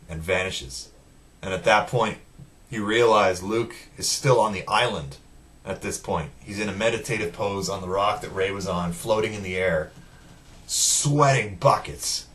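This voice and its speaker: A man's voice: on the low side, unhurried, recorded from a distance. A man retelling a film scene by scene in a casual, profane way, acting out the characters' lines as he goes. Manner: profane, animated retelling with acted-out quotes. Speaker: film reviewer. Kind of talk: casual spoiler recap.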